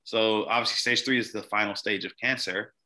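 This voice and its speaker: A man's voice: fairly low pitch, steady tone, a little fast, bright, forceful tone, poor audio. A young man, a podcast guest, telling a personal story in a casual, rambling, earnest way, with a lot of "like". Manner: rambling, heavy use of "like", earnest.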